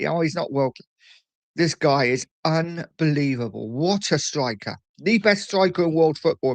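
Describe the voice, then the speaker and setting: A man's voice: medium pitch, no room sound. Chatty man hosting a livestream. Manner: chatty, reads out viewer messages. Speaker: livestream host. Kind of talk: casual live chat.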